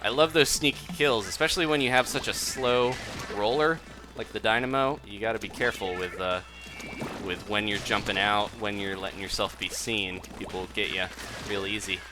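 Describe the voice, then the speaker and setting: A man's voice: on the low side, moderate pace. A young man giving chatty live commentary while streaming a game, reading out chat and laughing often. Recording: music playing behind the voice.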